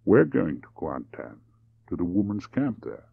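A man's voice: deep voice, sing-song, unhurried, vocal fry, breathy edge, dry recording, exaggerated voice. A man voicing a weary, resolute young Englishwoman prisoner who speaks plainly and matter-of-factly, in a dull lo-fi recording.

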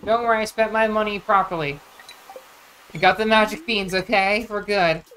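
A woman's voice: mid-range voice, normal speed, fairly bright tone, slight background noise. A woman streamer chatting casually and thinking aloud as she plays a game. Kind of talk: casual gameplay chat.

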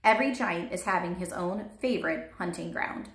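A woman's voice: fairly low pitch, normal speed, lightly acted. A woman voicing a big, friendly male giant who bumbles through made-up words with a folksy lilt, read aloud in a roomy space. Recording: roomy echo.

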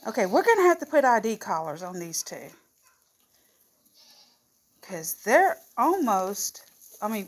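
A woman who breeds goats, chatting casually and cooing affectionately to her animals. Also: sits high. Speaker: goat breeder and vlogger.

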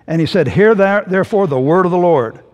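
A male pastor preaching a sermon, telling the story in an animated way and acting out the voices. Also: sits high, fairly quick, dull audio. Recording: hall reverb.

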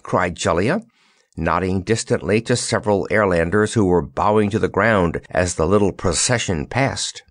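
A man reading a children's storybook aloud with lively, expressive narration on a close mic. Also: fairly low pitch, normal speed, dry recording. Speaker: audiobook narrator.

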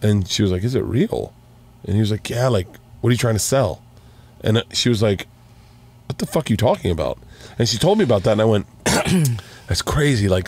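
A man telling stories in casual chat as a podcast guest, animated, restarting sentences and swearing freely. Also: fairly low pitch.

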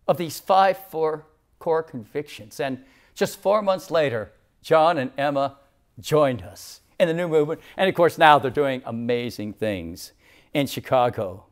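A man in his sixties preaching a sermon as church leader, swinging from loud declarations to near whispers. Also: fairly high pitch. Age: 60s.

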